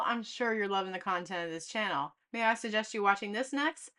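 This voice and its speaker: A middle-aged woman hosting a home cooking video, calmly walking through each step in a friendly, instructional way. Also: mid-range voice, brisk, hardly any pauses. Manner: friendly instructional, talks with mouth full. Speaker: cooking channel host.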